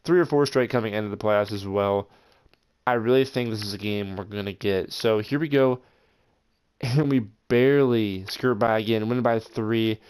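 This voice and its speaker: A young man hosting his gaming channel, commenting over football video game footage in an excitable way with frustrated outbursts. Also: fairly low pitch, moderate pace, clear, resonant tone. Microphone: voice-over over gameplay.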